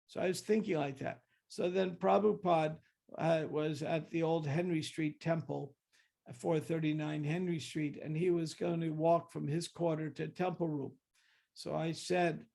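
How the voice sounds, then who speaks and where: Gravelly older man telling a story. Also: fairly high pitch, fairly even intonation, moderate pace, mellow. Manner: reflective, with many restarts and acted-out quotes. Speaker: guest speaker. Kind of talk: storytelling talk.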